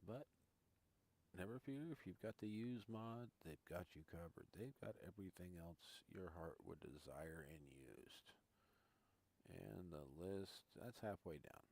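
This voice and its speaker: This gaming streamer's low voice is gravelly and a little mellow, and he keeps a measured pace. He chats casually with viewers during a live tour of a farming game, thinking out loud as he goes.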